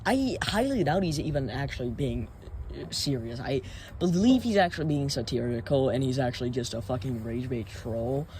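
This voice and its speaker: A man's voice: medium pitch, animated, moderate pace, a little mellow, slight background noise. A man hosting a reaction commentary video, ranting in an exasperated, profane and rambling way. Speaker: commentary channel host.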